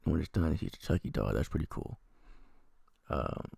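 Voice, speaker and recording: Male reviewer, Midwest, unwell; deep husky rasp, lively swings in pitch, sarcastic rambling delivery. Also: moderate pace, no echo, studio quality. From American Midwest. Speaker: TV episode reviewer. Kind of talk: casual spoken review.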